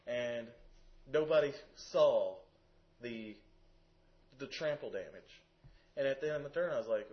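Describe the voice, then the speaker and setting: A man's voice: medium pitch, expressive, normal speed. A man on a casual podcast who works as a card game judge, telling stories and explaining the rules. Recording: dull lo-fi audio.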